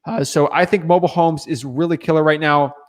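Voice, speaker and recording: Man for a casual stream q&a, fairly high voice, easygoing and chatty. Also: fairly quick. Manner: relaxed, chatty, loose filler words and restarts. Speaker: real estate wholesaler answering viewer questions. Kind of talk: casual livestream chat.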